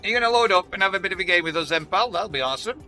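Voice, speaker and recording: A man's voice: sits high, lively intonation, racing, sharp tone. A man hosting a casual gaming stream, chatty and cheery, laughing often. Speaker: streamer host. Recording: music and truck game sounds behind.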